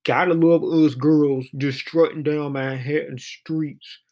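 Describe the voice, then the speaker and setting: A man's voice: on the high side, fairly even intonation, takes it slowly, darkish tone, voice pushed up. Brassy young woman poem speaker, played by a man, with a thick put-on accent and rhythmic lines.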